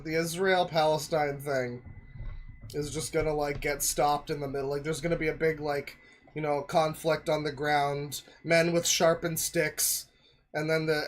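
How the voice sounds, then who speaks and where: A male streamer giving casual, rambling reaction commentary full of jokes and fillers. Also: fairly high pitch. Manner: rambling, joking, many fillers.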